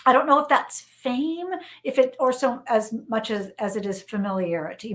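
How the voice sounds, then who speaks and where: A middle-aged woman with a slightly higher-pitched voice, speaking as an interview guest. She tells animated stories from her working life and keeps repeating key phrases for emphasis. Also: moderate pace, few pauses. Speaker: interview guest, journalist and novelist. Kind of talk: conversational storytelling interview.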